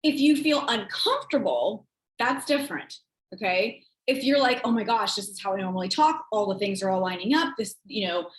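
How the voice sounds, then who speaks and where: A woman and sales team leader giving casual coaching talk, chatty and rambling, acting out quoted texts in a higher voice. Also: lively intonation, a little fast, echoey room, rough recording.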